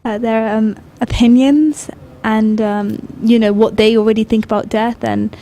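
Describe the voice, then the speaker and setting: A woman's voice: on the high side, fairly even intonation, unhurried, warm tone. A young woman co-hosting a youth radio discussion, speaking hesitantly with many fillers into a studio microphone. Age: young adult.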